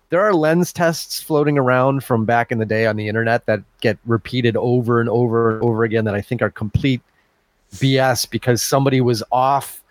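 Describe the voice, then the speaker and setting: A man's voice: mid-range voice, dry recording. A male podcast co-host talks in a loose, chatty way. He laughs easily while reading listener comments aloud. His voice sits dry and close to the mic.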